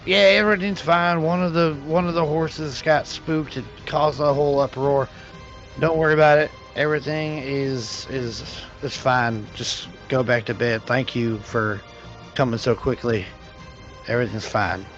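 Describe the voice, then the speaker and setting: A man's voice: mid-range voice, fairly even intonation, a little slow, a bit bright, faint music behind, natural voice. A man voicing a frank, grateful female town leader who talks in a chatty, hesitant, folksy way. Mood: reassuring. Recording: dull lo-fi audio.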